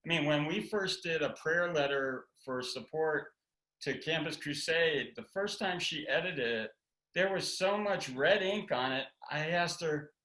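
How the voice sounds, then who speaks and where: A man's voice: a little high, measured pace, sharp tone, roomy sound, rough recording. A man co-teaching a communication workshop with his wife, telling anecdotes with jokey asides. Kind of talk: teaching talk with spouse.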